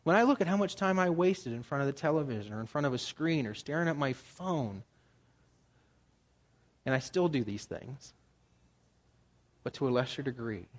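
A man in his forties giving a sermon as a pastor, talking in a conversational way and jumping higher for emphasis. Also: normal speed, long pauses. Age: 40s. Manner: conversational, animated, jumps into higher pitch for emphasis.

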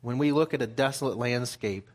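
A man preaching a sermon at a middle pitch. He reads scripture passages aloud, then explains them in plain, conversational terms. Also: a little fast.

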